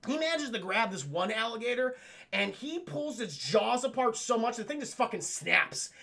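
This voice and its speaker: A man hosting a live stream, retelling a cartoon episode to his chat in a rambling, profane, animated way. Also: very high voice, moderate pace, creaky. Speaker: livestream host reviewing cartoons. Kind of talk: casual streamed recap with chat.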